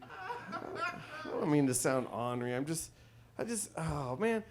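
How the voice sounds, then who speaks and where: A man performing a crude stand-up comedy set on a club stage, telling ornery stories with sudden loud outbursts. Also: fairly high pitch, wildly swooping pitch, slow, noisy background.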